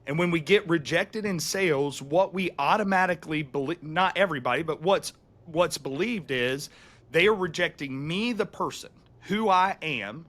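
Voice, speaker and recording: A man co-hosting a podcast, speaking in a relaxed, conversational way. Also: a little high, normal speed. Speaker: podcast co-host. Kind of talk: casual podcast chat.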